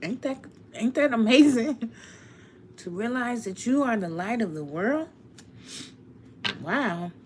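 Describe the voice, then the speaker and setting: A woman's voice: on the high side, expressive, takes it slowly, pauses often, noisy background. A woman tarot reader speaking heartfelt and emotional on a live stream to her viewers, often laughing.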